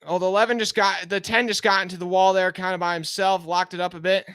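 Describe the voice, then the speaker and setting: A man live-streaming a car race, giving excited, anxious fan play-by-play and pleading with the drivers, sounding out of breath. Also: sits high, fast, smooth, no room sound, studio quality.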